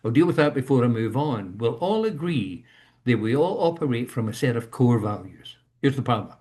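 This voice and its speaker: A man's voice: medium pitch, animated, moderate pace, a little mellow. A man in his seventies giving an earnest motivational talk on a video call, repeating his key points for emphasis. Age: 70s. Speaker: speaker leading a leadership session.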